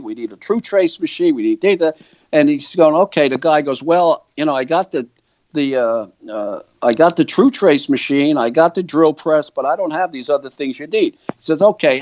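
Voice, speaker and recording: A man's voice: a little high, no echo, highs cut off. Older New man telling stories. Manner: animated storyteller, quoting others' words. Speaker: guitar company founder. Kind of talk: storytelling in an interview.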